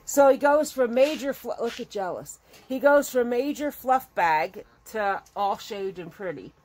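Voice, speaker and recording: A woman's voice: on the high side, expressive, slow pace, darkish tone. A middle-aged woman chatting casually as a crochet vlogger at home, rambling and emotional as she talks. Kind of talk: casual chat. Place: home with her dogs.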